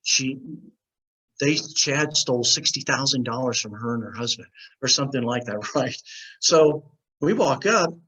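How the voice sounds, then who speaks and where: An American man on an interview show tells an anecdote with animation, voicing the others in his story. He speaks unhurriedly in a mid-range voice with a breathy edge, over a rough recording.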